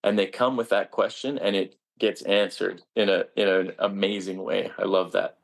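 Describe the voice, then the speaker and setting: A man, a stage actor, answering interview questions in an earnest, halting way with frequent restarts. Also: low-pitched, flat delivery, vocal fry.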